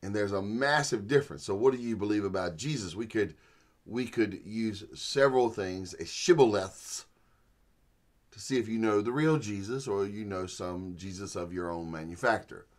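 Man teaching the Bible, folksy and animated. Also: on the low side, moderate pace. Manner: folksy storytelling, animated, with chuckles. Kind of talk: sermon-style Bible teaching.

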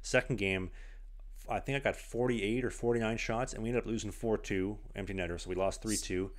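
A young man hosting a podcast, an animated storyteller who says "like" a lot in casual chat. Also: on the low side, fairly quick. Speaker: podcast host. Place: small apartment.

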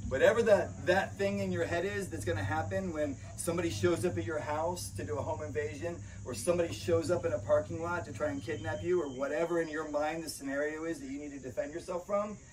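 A man's voice: fairly high pitch, fairly even intonation, fast, hardly any pauses, darkish tone. Emphatic man teaching, slightly off-mic. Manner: emphatic, often checks in with "right?". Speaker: protection dog trainer and podcast host. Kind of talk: casual instructional talk. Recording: slightly distant mic, faint background noise.

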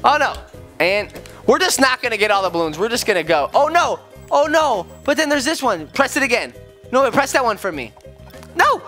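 A father hosting a gaming video plays with his son, chatting casually and playfully and bursting into sudden high squeals. He is excitable and goofy, speaking at a moderate pace with long pauses over soft background music.

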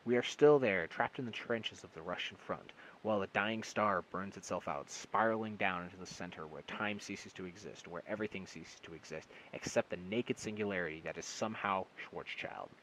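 A man reads a short story aloud in one unedited take, now and then stumbling and restarting a word. His voice is very deep and low. A faint hiss from the phone recording sits underneath. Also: moderate pace, pushed and bright, low-quality recording. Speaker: amateur audiobook reader.

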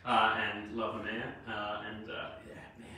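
Enthusiastic, halting man co-host with a bright voice, in a very echoey room. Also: fairly low pitch, level tone. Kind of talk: live-stream product chat.

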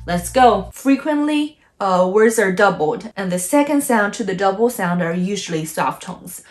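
A woman with a Chinese accent talks through a casual Mandarin lesson. She explains patiently and repeats single syllables, swooping them up and down to show each tone. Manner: explains tones slowly, repeats syllables with exaggerated pitch. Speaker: Mandarin teacher.

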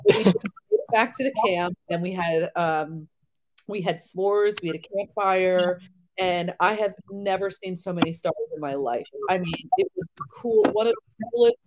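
Chatty, animated woman podcast guest. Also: lowish voice, unhurried, slight background noise, low-quality recording. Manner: chatty, animated storytelling with many fillers. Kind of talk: casual chat.

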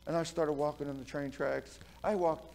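A pastor preaching a sermon, telling folksy stories, laughing at his own tales and swinging from quiet asides to loud, emphatic preaching. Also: a little high, fairly even intonation, normal speed, gravelly.

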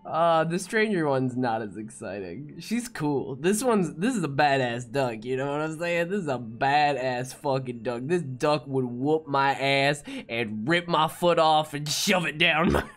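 Woman streamer, excitable and profane, unhurried delivery, very lively pitch. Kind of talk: live-stream game reaction.

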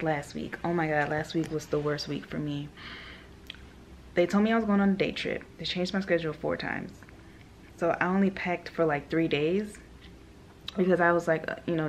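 A young woman, a flight attendant, telling animated stories in a casual vlog, laughing often and quoting people. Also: deep voice, a little hiss or hum.

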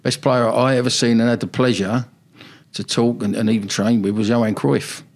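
A man's voice: medium pitch, fairly even intonation, normal speed. An older man, a former football manager, telling rambling anecdotes in a casual interview.

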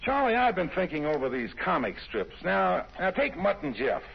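A man's voice: high-pitched, sing-song, normal speed, vocal fry, breathy edge, exaggerated voice. An actor playing an eager young man of a singing team, talking in a 1950s radio drama style with hesitant starts. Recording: dull old radio broadcast.

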